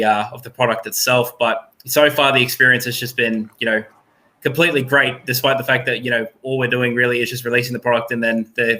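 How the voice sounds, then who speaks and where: Upbeat Australian man, bright flat voice. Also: medium pitch. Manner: upbeat, rambling with many fillers. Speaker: guest, startup team member. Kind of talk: casual interview answers.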